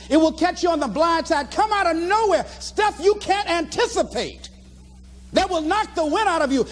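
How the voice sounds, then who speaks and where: A man giving a motivational speech to a live audience, telling stories with animated delivery and shouting out his own acted lines. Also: very high-pitched. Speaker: motivational speaker.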